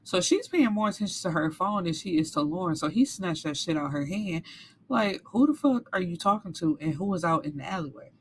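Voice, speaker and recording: A woman's voice: lowish voice, expressive, brisk, a little hiss or hum. Candid woman recapping a novel. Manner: candid, profane, voices characters' lines. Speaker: book reviewer. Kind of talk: casual book recap.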